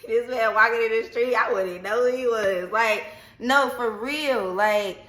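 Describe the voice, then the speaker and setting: A woman vlogger casually retelling a personal story in an animated, slangy, dramatic way. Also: a little high, moderate pace. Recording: echoey room.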